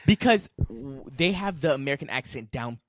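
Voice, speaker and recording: A young man co-hosting a casual podcast chat, animated and opinionated, rambling through his points. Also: medium pitch, moderate pace. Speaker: podcast co-host.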